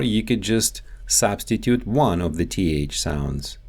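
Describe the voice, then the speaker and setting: A man working as a dialect coach, explaining pronunciation in a deliberate, teacherly way. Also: on the low side, expressive, darkish tone. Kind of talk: instructional explanation.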